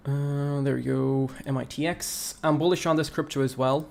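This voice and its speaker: A man's voice: on the high side, moderate pace, vocal fry, few pauses. A man hosting a casual crypto livestream, walking through price charts and reading viewer comments aloud. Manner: relaxed, talks through charts, reads chat aloud.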